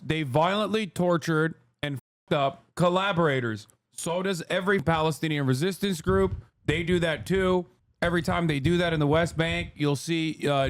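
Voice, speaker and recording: Guy streamer ranting on a reaction stream, highish voice, fired up, swears a lot. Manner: heated, emphatic, profane. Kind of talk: casual reaction commentary.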